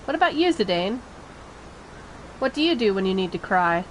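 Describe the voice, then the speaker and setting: A woman's voice: mid-range voice, big pitch swings, normal speed, a little hiss or hum, lightly acted, rough recording. A woman voicing a prim young princess, reading game dialogue aloud with an exasperated, scolding manner.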